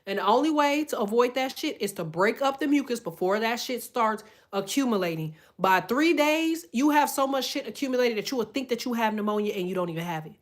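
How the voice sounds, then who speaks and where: Profane, animated woman ranting. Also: on the high side, a little fast, few pauses. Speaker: content creator. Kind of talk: casual rant to camera.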